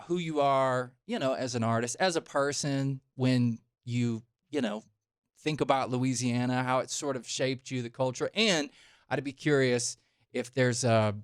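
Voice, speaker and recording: A man's voice: medium pitch, unhurried, clean tone, dry recording. A man hosting a radio show in a studio, asking friendly, rambling questions with many fillers. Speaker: radio host. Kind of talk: casual interview chat.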